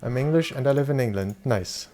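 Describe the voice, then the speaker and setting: A man's voice: medium pitch, animated, fairly quick, mellow, slight background noise. A young German man chatting loosely with his viewers while playing a game, swearing casually and answering chat questions. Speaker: streamer. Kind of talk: casual live-stream chat.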